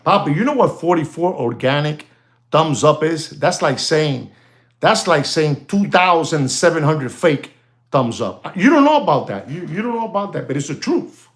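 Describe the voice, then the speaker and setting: Excitable host. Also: male voice, a little high, normal speed. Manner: animated, excitable, slips into Spanish exclamations. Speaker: live stream host. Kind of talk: live-stream chat with viewers.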